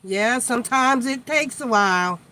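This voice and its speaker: A woman runs a loose live tarot chat, talking bluntly and swearing freely. She is worn out from no sleep and yawns between thoughts. Her voice sits somewhat high. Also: animated, normal speed, pushed and bright. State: sleep-deprived, yawning. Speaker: tarot reader, live stream host.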